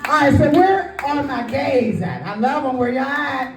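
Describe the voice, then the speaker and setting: A woman's voice: high voice, moderate pace. A woman doing a live stand-up comedy set in a club, brash and working the crowd. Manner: brash crowd work, calling out to the audience. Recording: roomy live sound, distant from the mic. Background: faint audience crowd.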